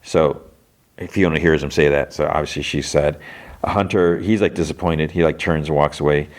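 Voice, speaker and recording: A man's voice: very deep voice, steady tone, moderate pace. A man hosting a podcast, recapping a cartoon episode in a casual, rambling way with lots of filler words. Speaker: podcast host.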